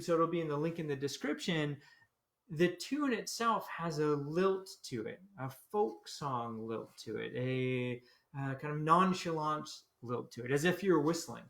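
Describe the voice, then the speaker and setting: A man's voice: a little high, animated, moderate pace, gravelly, fairly bright tone. Roomy-sounding man teaching conducting. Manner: explains conducting, sings rhythms on syllables, greets viewers. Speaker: military band conductor. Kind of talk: livestreamed conducting lesson. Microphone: computer camera mic. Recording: roomy echo.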